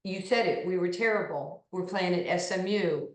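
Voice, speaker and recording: A woman in her sixties from New York tells lively stories as an interview guest, slipping into the voices of people she quotes. Her voice sits a little low. The room around her gives it a noticeable echo. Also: normal speed. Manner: animated anecdotes, acting out quoted voices. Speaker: interview guest, basketball pioneer. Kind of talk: storytelling interview. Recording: echoey room.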